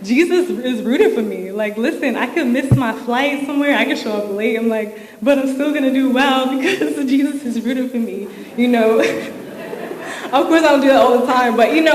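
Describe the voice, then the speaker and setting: A young woman giving an inspirational, faith-filled commencement speech, casual and emotional, with many fillers. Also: fairly high pitch. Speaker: commencement speaker. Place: large hall at a ceremony. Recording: echoey hall with crowd noise.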